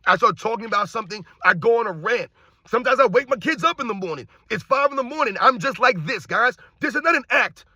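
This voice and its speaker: A middle-aged man ranting loudly and combatively as a sports commentary YouTuber, projecting his voice. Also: very high-pitched, quick pace, breathy edge, dry recording, clean studio sound. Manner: loud, projecting, animated, combative. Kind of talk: loud opinionated rant.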